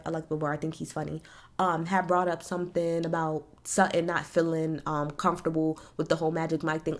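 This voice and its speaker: Woman, casual opinionated recap, blunt, animated, swears freely. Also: fairly low pitch. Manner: blunt, animated, swears freely, talks straight at the people she discusses. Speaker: reality TV recap host.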